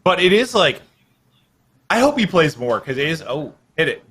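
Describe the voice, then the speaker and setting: Man, esports co-commentator, live casting, playful, hype, bright tone. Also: fairly high pitch, very animated, normal speed, breathy edge. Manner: playful, hyping, asks questions of his co-host.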